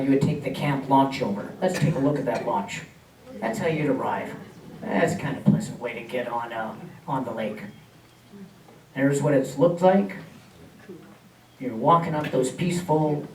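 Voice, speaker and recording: A guest speaker at a community talk uses slides to tell his family history, chatting along with hesitations and small laughs. His medium-pitched, darkish voice goes a little slowly and pauses often. A distant mic picks him up in an echoey room.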